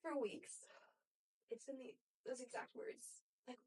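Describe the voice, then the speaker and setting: A woman's voice: high voice, steady tone, a little slow, darkish tone, husky. A young woman hosting a podcast, speaking earnestly and emotionally about faith. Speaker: podcast host. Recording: distant mic, faulty audio.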